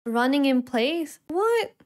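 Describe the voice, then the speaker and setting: A woman's voice: high-pitched, very animated, slow, a little hiss or hum. A woman streamer giving casual gameplay commentary, chatty and giggly, reacting aloud to what happens on screen. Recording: game music behind voice. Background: game music.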